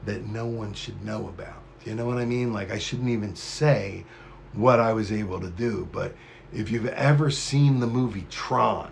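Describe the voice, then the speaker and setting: A man's voice: fairly low pitch, normal speed, gravelly, slight background noise. A man hosting a live stream, rambling in a profane, conspiratorial monologue to his chat.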